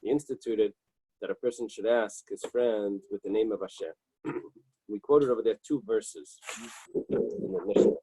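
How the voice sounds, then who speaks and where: Husky-voiced rabbi teaching Talmud. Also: male voice, lowish voice, normal speed, mellow, dry recording, poor audio. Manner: reads Hebrew and Aramaic text then translates plainly, with frequent "right?" and "okay". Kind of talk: Talmud study lecture, reading and translating. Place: small synagogue study room.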